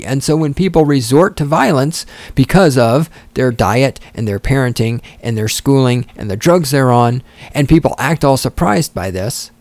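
A man's voice: medium pitch, darkish tone, no echo. A man delivering heated, sarcastic, profane commentary as a political commentator. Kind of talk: ranting commentary.

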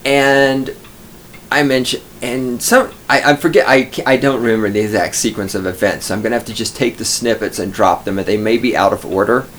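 A man's voice: mid-range voice, fairly even intonation, fairly quick, a bit bright, slight background noise. A middle-aged man from Texas, hosting a podcast and telling a scornful, profanity-laced story as a ranting monologue. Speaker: podcast host.

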